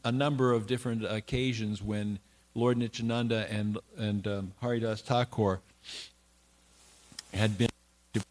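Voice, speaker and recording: Man retelling a scripture story. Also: medium pitch. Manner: loose retelling with many fillers and restarts. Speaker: class speaker. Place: temple hall.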